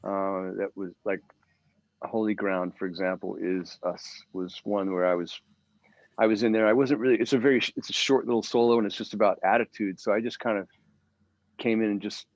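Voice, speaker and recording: A man's voice: on the low side, steady tone, brisk, dry recording, muffled recording. A middle-aged man, a guitarist guest, chatting casually in an interview and telling stories with many fillers and restarts.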